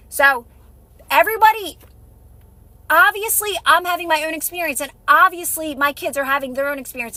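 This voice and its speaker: A manifestation coach who is a mother gives a motivational live-stream talk in a high, bright, forceful voice with no room sound. She is emphatic and repetitive, acting out little scenes along the way.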